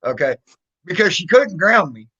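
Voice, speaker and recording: A man's voice: high-pitched, big pitch swings, normal speed, pushed and bright, breathy edge. A man casually telling a childhood story, rambling and swearing, full of fillers and restarts. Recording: dull lo-fi recording.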